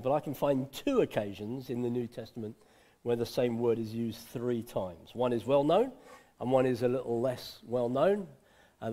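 A man's voice: medium pitch, warm tone. Chatty preacher man. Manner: conversational, repeats words for emphasis, chuckles often. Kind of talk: informal sermon.

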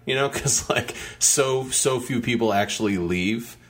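A man's voice: mid-range voice, a little slow, fairly bright tone. A man chatting casually as a podcast co-host, laid-back and teasing, with some swearing. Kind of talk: casual chat.

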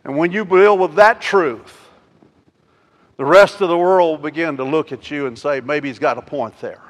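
A male pastor preaching a sermon. He swings between loud, emphatic declarations and quiet, intimate asides, and asks the congregation rhetorical questions. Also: fairly high pitch, moderate pace, lo-fi sound. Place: church sanctuary. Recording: long hall reverb.

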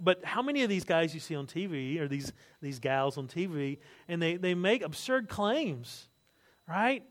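A man preaching a sermon, telling stories with lively asides and jokes, acting out other people's words. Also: high voice. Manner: animated storytelling, acts out quotes, asides and jokes. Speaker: pastor.

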